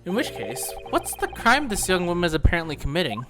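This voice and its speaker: A man's voice: high voice, wildly swooping pitch, a little fast, music in the background. A man voicing an earnest young defense lawyer in a fan dub of a game. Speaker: streamer.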